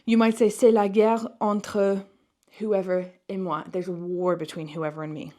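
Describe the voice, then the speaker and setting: A woman's voice: mid-range voice, level tone, normal speed, mellow. A young woman teaching a French exam-prep lesson online, explaining in English and reading French questions aloud.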